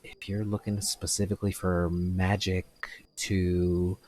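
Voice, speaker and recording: A man's voice: deep voice, level tone, unhurried, a little mellow, slight background noise. A man voicing a polite, flustered human shopkeeper who stammers and apologizes. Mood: helpful.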